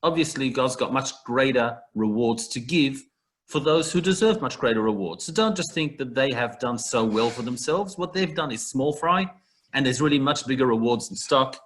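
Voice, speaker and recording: Heard through a video call, a man with a mid-range voice leads an online class on a Talmud passage. He is animated and moves at a moderate pace, explaining things in a chatty way with comparisons from daily life.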